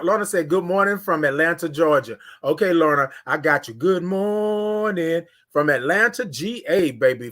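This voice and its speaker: A high-pitched man hosts a casual morning livestream. He talks in an animated way, calls out viewers by name and stretches his greetings out long. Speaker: livestream host.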